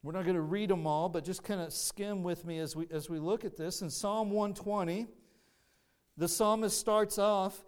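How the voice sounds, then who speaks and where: A man's voice: sits high, measured pace, a little mellow, smooth. A man preaching a sermon, earnest and teaching, often restarting his phrases. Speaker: pastor.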